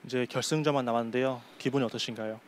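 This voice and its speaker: Rapid male interpreter. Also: mid-range voice, fairly even intonation.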